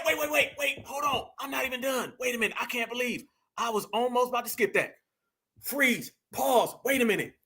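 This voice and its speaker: High, bright-voiced man mocking a clip. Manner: mocking, loud, slangy, often shouting. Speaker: commentary host reacting to clips. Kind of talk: heated reaction commentary.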